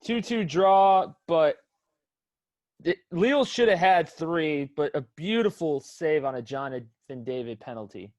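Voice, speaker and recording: A man's voice: a little high, measured pace, darkish tone. Laid-back American man, brief replies. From United States. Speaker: podcast co-host. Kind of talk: casual sports chat.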